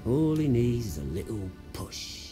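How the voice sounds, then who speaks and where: A man's voice: mid-range voice, big pitch swings, unhurried, music in the background. An actor with a British accent playing a brash, resentful young man who has lost his family fortune, in a video game. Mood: scornful. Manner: swaggering, resentful, theatrical.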